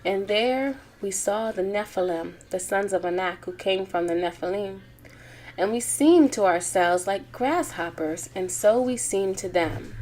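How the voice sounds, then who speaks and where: A woman reading scripture aloud in a calm, measured way. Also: mid-range voice, slight background noise, low-quality recording. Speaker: Bible reader.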